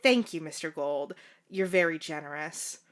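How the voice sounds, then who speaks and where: A woman's voice: deep voice, normal speed, natural voice. A woman reading the part of an earnest young female housekeeper in a fanfiction read-aloud, in her own voice. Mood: polite.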